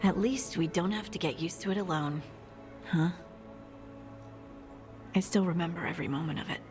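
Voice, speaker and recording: An actress playing a young woman warrior speaking reflectively, sometimes breathy. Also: on the low side, normal speed, darkish tone, soft background music, lightly acted.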